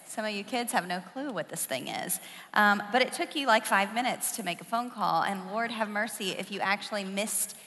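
A woman pastor delivers a sermon in a bright, clear voice. She tells her stories with animation and humor. The long reverb of a big church hall trails after her words. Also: medium pitch. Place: church auditorium.

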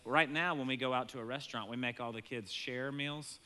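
A man in his thirties preaching a sermon as a pastor, telling a family story in a conversational way, often chuckling and mimicking his excited kids in a high voice. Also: fairly quick, few pauses.

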